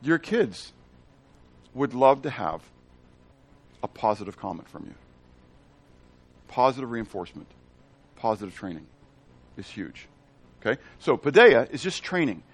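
A man's voice: medium pitch, very animated, a little slow, pauses often, husky. A man giving a Bible teaching in a conversational way, checking in with the audience and asking them questions. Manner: asks the audience questions and repeats phrases.

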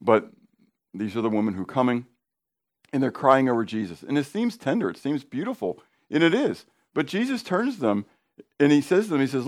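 A middle-aged man preaching a sermon, animated and emphatic, swinging between quiet asides and near-shouts, with repetitions and call-and-response questions to the congregation. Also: medium pitch, moderate pace, long pauses. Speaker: pastor.

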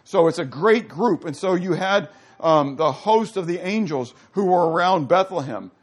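A man teaching a Bible class, animated and questioning his listeners, rising to loud emphasis. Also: high-pitched, normal speed.

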